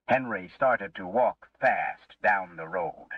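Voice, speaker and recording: A man reading a story aloud slowly and expressively for English learners. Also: deep voice, expressive, slightly rough, dry recording. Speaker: narrator. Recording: muffled lo-fi, distant mic.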